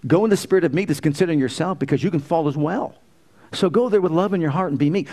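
A man's voice: a little high, fast, a little mellow. A middle-aged man preaching a sermon, folksy and humorous, asking the congregation rhetorical questions. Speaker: pastor.

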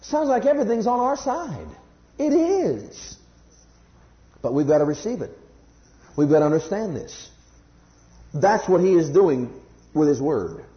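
A man preaching a sermon to a congregation, swinging from loud high emphasis to hushed low scripture quotes and sometimes stumbling over words. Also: sing-song, unhurried, long pauses, reverberant, lo-fi sound. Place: church congregation.

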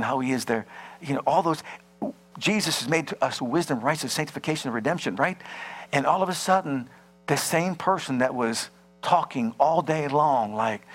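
A man preaching a sermon, animated, acting out little scenes and firing rhetorical questions at the congregation. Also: medium pitch. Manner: dramatizes scenes and acts out voices. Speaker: pastor.

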